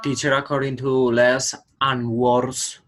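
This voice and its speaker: Male student, slow and hesitant answers, distant call audio. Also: medium pitch, level tone, fairly bright tone. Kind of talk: answering in class.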